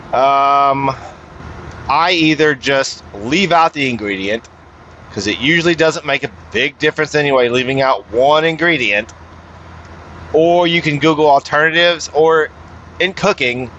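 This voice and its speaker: A man's voice: medium pitch, sharp tone. A man talking in a casual, rambling, profane monologue while driving at night. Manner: profane, rambling, talks to other drivers. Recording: slightly dull lo-fi sound, faint road noise. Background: faint traffic and engine noise.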